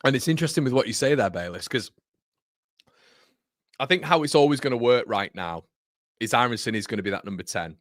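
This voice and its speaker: A fan channel host with a mid-range voice and lively intonation runs a livestream, talking a little fast but with long pauses. He chats casually, reads viewer comments, rambles, corrects himself, and calls viewers "mate." The recording is dry with clean studio sound.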